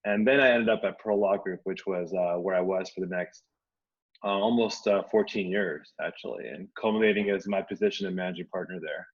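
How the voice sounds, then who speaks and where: A man who grew up in the United States, a guest attorney telling his story in a friendly, relaxed way with plenty of ums. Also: deep voice, fairly quick. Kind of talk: casual interview chat. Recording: dull lo-fi audio.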